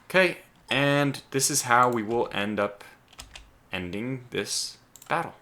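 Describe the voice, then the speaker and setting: A let's play host commentates on gameplay in an animated, medium-pitched voice with a sharp tone, taking it slowly. He thinks out loud, stumbling into restarts and bursting out with sudden exclamations as keyboard clicks sound behind him.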